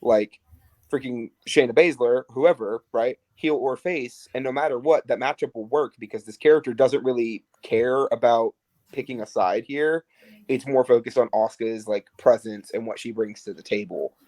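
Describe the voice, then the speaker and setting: A man co-hosting a podcast, chatting casually and animatedly with lots of fillers and asides. His voice sits at a middle pitch and sounds close and dry, with no room echo. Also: moderate pace, darkish tone. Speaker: podcast co-host. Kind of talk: casual chat.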